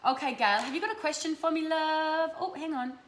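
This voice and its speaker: Speaking fairly quickly in a high, a bit bright voice, an Australian woman gives energy readings while chatting with live-stream viewers, swearing freely in a warm, casual way. The sound carries a roomy echo and faint noise behind it.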